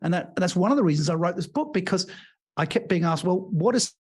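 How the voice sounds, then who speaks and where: Male leadership coach, guest on an interview podcast, a slightly higher voice, lively storyteller who acts out the voices he quotes. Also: fairly quick, husky. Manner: expansive storyteller, animated.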